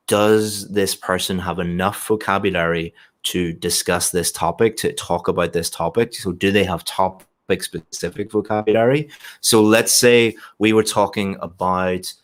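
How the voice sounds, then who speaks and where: A man's voice: deep voice, fairly even intonation, a little slow, fairly bright tone. A man working as an English exam tutor, giving one-on-one feedback patiently, explaining step by step and often restarting his sentences.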